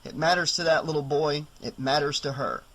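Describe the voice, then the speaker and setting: A man's voice: fairly high pitch, fairly even intonation, brisk, fairly bright tone, rough recording. A man reading an audiobook, voicing a tired, kindly middle-aged male doctor who talks plainly and reluctantly. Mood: weary.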